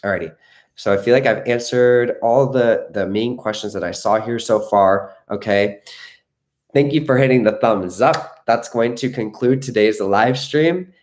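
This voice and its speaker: Male coach, mid pitch, earnest reassuring live-stream delivery, frequent "okay?" check-ins. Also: a little slow, darkish tone. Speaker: manifestation coach.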